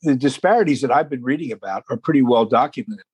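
A man hosts a talk show in a folksy, unhurried way, leaning on key words. His voice is husky and a little breathy. The sound is dry and close. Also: medium pitch, darkish tone, no room sound. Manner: folksy, deliberate, slows for emphasis. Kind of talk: hosting an interview show.

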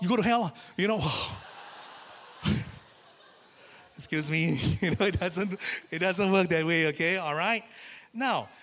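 A man preaching a sermon in a church, telling a personal story in a lively, chatty way and acting out the voices he quotes. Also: high-pitched. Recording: reverberant church hall.

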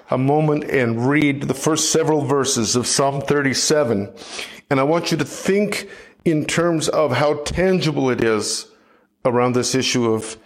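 Slow, reflective middle-aged male preacher, mid-pitched, measured sermon delivery. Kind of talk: sermon teaching.

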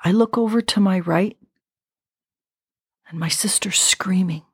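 Woman, 50s, podcast host, personal storytelling, low voice, husky, dry close mic. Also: no echo. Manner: slow, reflective and intimate.

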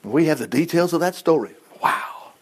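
A man preaching a sermon in an animated way, dropping to quiet asides and rising loud when he acts out quoted voices. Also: on the high side, moderate pace, slight background noise. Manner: animated, jumps between hushed asides and loud exclaims.

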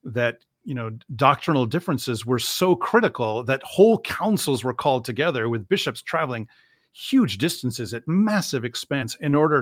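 A man's voice: mid-range voice, no echo, studio quality. A man answering an interview question at length, thoughtful and explanatory, with many fillers and restarts. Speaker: interview guest, Orthodox Christian speaker.

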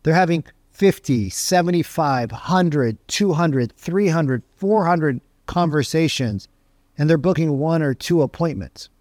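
A middle-aged man coaching salespeople in an energetic, conversational way, often checking in with "right?". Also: a little high, unhurried, no echo. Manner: acts out phone calls in animated voices. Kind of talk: motivational sales teaching.

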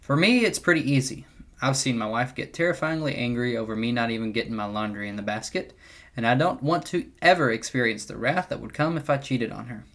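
A young man with an ordinary mid-range voice teaches Scripture in a steady, earnest way. He reads from a prepared script but slips in wry, self-deprecating asides along the way. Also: mid-range voice, fairly quick. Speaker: podcast host teaching the Bible.

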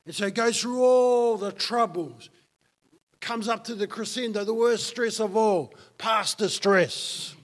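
Slow, high-voiced preacher. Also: male voice. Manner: emphatic, repeats key lines for effect. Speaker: pastor. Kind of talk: sermon.

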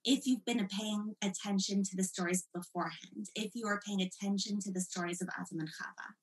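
A woman leads a text study lesson, explaining each passage with emphasis. Her delivery is animated and explanatory, with a mid-range pitch. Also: a little fast, rough recording. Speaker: teacher.

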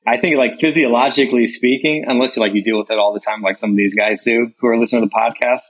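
Husky relaxed dude telling stories on a podcast, laughs a lot. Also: male voice, medium pitch, quick pace, poor audio. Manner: relaxed storyteller, laughs often. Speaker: podcast guest. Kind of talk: casual chat.

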